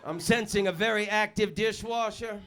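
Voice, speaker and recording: A man performing a stand-up comedy set in a club, with a loud, punchy delivery. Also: high-pitched, moderate pace, crowd noise, noisy background. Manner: loud punchy delivery, puts on voices for jokes.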